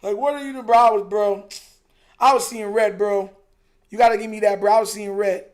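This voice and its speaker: A man's voice: sits high, little pitch movement, moderate pace. A young man hosting a live stream, reacting to a football game in casual, frustrated, emphatic chat. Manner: frustrated, emphatic, repeats himself, says "bro" a lot.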